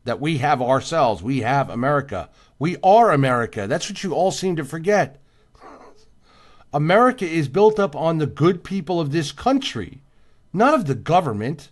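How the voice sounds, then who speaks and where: A man's voice: on the high side, sing-song, normal speed. Tired guy doing a late night livestream, talks back to chat, says the same thing over and over. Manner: emphatic, repetitive, reads out viewer names. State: tired, yawning. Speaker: livestream host. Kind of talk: casual livestream chat reading viewer comments.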